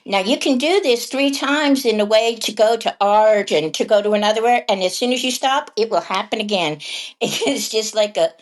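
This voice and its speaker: A middle-aged woman, a kindergarten teacher and podcast guest, telling classroom stories in a lively conversational way. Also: fairly high pitch, normal speed. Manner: animated, acts out quoted voices and laughs often. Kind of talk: conversational storytelling.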